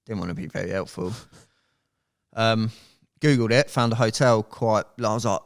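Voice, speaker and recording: A man in a relaxed podcast chat, with a fairly low voice. He tells his story in an animated way and swears freely. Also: moderate pace, gravelly. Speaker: podcast guest. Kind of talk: casual storytelling.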